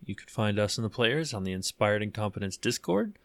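A man co-hosting a podcast in easy conversation. His voice sits on the low side, and he answers in short, relaxed replies. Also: brisk. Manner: laid-back, laughs often, short replies. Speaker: podcast co-host. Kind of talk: casual chat.

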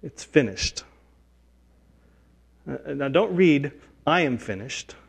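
A man preaching a sermon, earnest, dropping low and soft and then rising loud in acted lines. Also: expressive, slow, creaky, breathy edge. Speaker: pastor.

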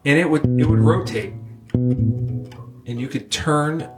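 A man's voice: medium pitch, slow pace, loud music behind the voice. A man in casual banter, reminiscing with jokes and crude asides. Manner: joking, rambling, crude asides.

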